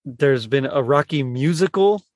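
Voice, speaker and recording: A man hosting a casual movie podcast, talking in a rambling, halting way with lots of fillers and restarts. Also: mid-range voice, animated, darkish tone, no echo, clean studio sound. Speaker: podcast host.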